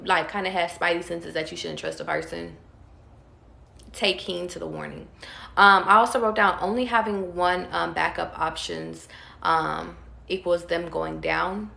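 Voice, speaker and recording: Tarot reader, woman, calm and drawn-out delivery, low gravelly voice. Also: echoey room. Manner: calm, drawn-out, talks straight to viewers. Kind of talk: casual tarot reading.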